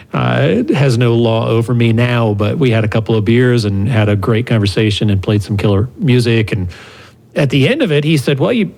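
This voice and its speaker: A middle-aged man co-hosting a podcast, telling stories in a relaxed, self-deprecating way. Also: mid-range voice. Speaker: podcast co-host. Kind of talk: casual conversation.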